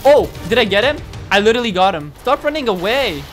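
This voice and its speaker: A young man hosting a gaming channel, giving excitable gameplay commentary, exclaiming and taunting his opponents. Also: high voice, fast talker, soft background music.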